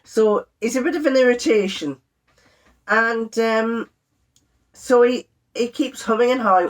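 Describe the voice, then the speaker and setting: An older woman, chatting to camera in a sewing vlog, telling an exasperated family story with lively quoted voices. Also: fairly high pitch, unhurried. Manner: chatty, exasperated, animated when quoting others. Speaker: sewing vlogger.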